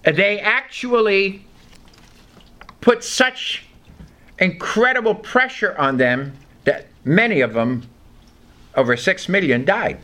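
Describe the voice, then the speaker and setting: Bright, lively-voiced man teaching scripture. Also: sits high, slow, long pauses. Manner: reads scripture aloud, then explains it with questions to listeners. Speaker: Bible teacher. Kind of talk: Bible study sermon.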